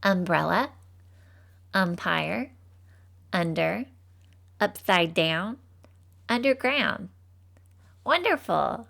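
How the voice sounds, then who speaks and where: A young woman voicing a cheerful, folksy teacher character, leading a scripted phonics lesson for children slowly and patiently. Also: lowish voice, lively intonation, gravelly, fairly bright tone, exaggerated voice. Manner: slow, patient, encouraging.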